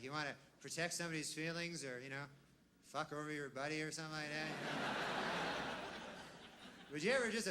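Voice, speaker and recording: Deadpan, rambling stand-up comedian man. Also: slight background noise. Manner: deadpan and rambling, full of tag-ons like "huh?" and "you know"; drops low and quiet on throwaway asides. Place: comedy stage before a live audience.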